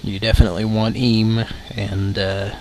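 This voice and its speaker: A man's voice: lowish voice, flat delivery, normal speed, a little mellow, a little hiss or hum. A man co-hosting a prank call show in a laid-back, sarcastic casual chat.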